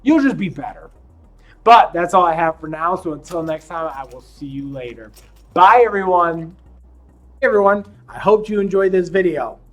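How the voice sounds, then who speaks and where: A man teaching young children to read, encouraging them as he sounds out letters slowly and deliberately. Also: sits high, lively intonation, fairly bright tone. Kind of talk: classroom lesson for young children.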